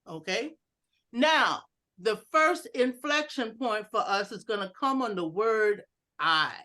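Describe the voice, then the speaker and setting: A woman gives an educational talk to a club meeting over a video call, an online presentation with audience exercises. She's animated and playful, acting out different inflections of one sentence. Her voice sits on the high side and she speaks slowly.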